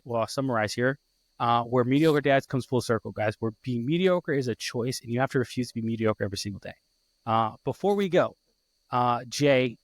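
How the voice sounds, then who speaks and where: Podcast host, male, 30s; heartfelt, halting storyteller, mid-pitched, dry close mic. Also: no echo. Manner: heartfelt, halting with many restarts. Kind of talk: emotional personal story.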